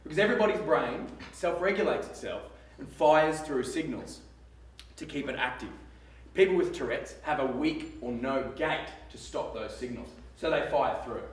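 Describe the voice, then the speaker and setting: A young adult man with an Australian accent, talking to students in a school theatre in a lively, joking way. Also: medium pitch. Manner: lively, joking, drawn-out emphasis. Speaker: speaker at a school assembly. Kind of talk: live talk to students. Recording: echoey theatre, mic far off.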